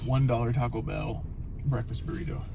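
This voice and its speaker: Deadpan man in a car, casual teasing banter, road noise. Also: medium pitch, brisk, vocal fry. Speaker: driver on a moving day. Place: inside a car.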